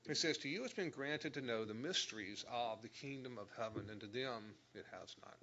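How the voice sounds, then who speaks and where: A man's voice: mid-range voice, brisk, bright, forceful tone, lo-fi sound, a little hiss or hum. A man teaching a Bible lesson, explaining verse by verse and stressing key words. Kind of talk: sermon.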